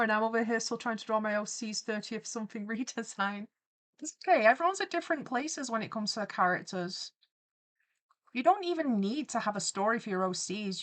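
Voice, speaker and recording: A woman streamer chatting on a live stream while animating, reading viewer comments aloud and reacting to them with excitement. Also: mid-range voice.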